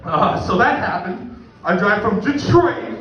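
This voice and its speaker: A middle-aged man with a fairly high voice tells a crude, self-mocking story to a crowd. He sits well back from the microphone in a boomy, echoing room. The sound is muffled. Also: expressive, measured pace. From Canada. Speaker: stand-up comedian. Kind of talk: profane stand-up storytelling. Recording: echoey distant room mic, muffled.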